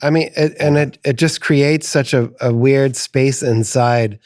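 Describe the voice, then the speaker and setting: A middle-aged man, a musician guest, talking slowly and reflectively, often stopping to search for words. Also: medium pitch, fairly even intonation, a little mellow, dry recording, studio quality. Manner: slow, halting, searching for words. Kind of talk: reflective conversation.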